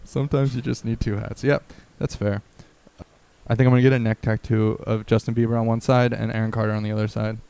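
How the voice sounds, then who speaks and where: A man in his thirties co-hosting a casual podcast, rambling and joking with a lot of swearing and animated bursts. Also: lowish voice, quick pace, gravelly, clear, resonant tone. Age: 30s. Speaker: podcast co-host. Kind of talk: casual chat.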